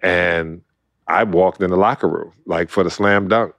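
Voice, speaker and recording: A middle-aged man from Brooklyn, an animated storyteller who acts out quotes and laughs often, talking as a guest in a casual interview. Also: low-pitched, measured pace, gravelly, no echo. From Brooklyn, New York. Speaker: guest, former basketball player.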